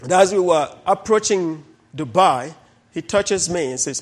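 A middle-aged pastor from Uganda tells testimony stories during a sermon, animatedly acting out the people in them. His voice is high and a little slow.

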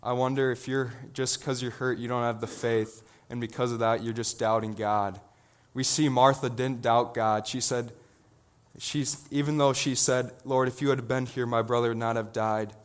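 A teenage boy preaching a sermon in an earnest, halting way, with many restarts. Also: mid-range voice, steady tone, clear, resonant tone. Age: teens. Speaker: student preacher.

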